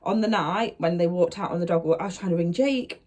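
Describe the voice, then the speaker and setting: Casual girl retelling family drama to camera, slightly low voice, lots of chat. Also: fairly quick. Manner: chatty, animated retelling with acted-out quotes. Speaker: vlogger.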